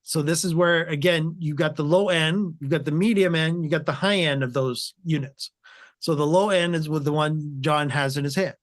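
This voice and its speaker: A man's voice: a little high, moderate pace. A man hosting a casual tech chat, talking in a loose, filler-heavy way and often saying "again". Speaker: host.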